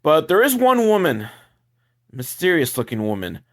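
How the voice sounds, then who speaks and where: A man's voice: a little high, huge pitch swings, normal speed. A young adult man giving a crude, sarcastic comedic recap of a movie as the show's host. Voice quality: crude, sarcastic, mocking asides.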